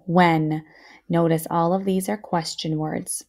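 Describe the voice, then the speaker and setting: A woman teaching a children's phonics lesson, speaking slowly and clearly, encouraging her listeners. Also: on the low side, flat delivery.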